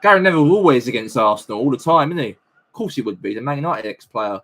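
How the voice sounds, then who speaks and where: A man's voice: medium pitch, fast. A man hosting a football watch-along, reacting live and casually, swearing and arguing with the referee. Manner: animated, exasperated, swears at the referee.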